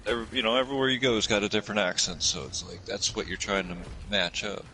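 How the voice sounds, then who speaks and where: A man chatting casually while playing a survival game, making relaxed offhand remarks. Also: fairly low pitch, fast, slight background noise, rough recording. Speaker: co-player. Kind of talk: casual gameplay chat.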